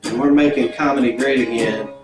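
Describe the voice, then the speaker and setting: A man's voice: medium pitch, steady tone, a little fast. A man performing stand-up comedy in a mock-preacher style, breaking into song over guitar. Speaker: comedian guest. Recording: roomy, a little distant from the mic, with guitar.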